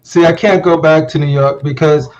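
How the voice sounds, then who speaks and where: A man from New Jersey with a faint New Jersey accent, chatting easily and slowing down at times on a video call. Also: a little high, steady tone, darkish tone, slight background noise. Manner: easygoing, measured, slows down at times. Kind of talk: casual group video chat. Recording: slightly dull call audio.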